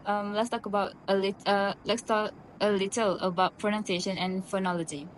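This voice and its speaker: A woman's voice: mid-range voice, steady tone, moderate pace, a little hiss or hum, poor audio. A woman interviewer asking prepared questions in a hesitant way, with fillers.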